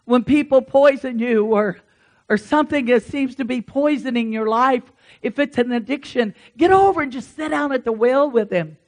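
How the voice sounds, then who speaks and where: A woman's voice: sits high, moderate pace, darkish tone. A woman preaching a conversational sermon in an earnest, encouraging and folksy way, with asides to her congregation.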